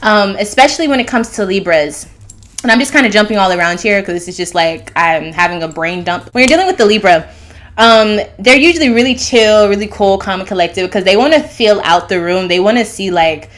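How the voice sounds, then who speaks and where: On her own astrology channel, a woman speaks a little fast in a medium-pitched, fairly bright voice. Her casual monologue is loose and rambling, hopping between ideas with fillers and restarts.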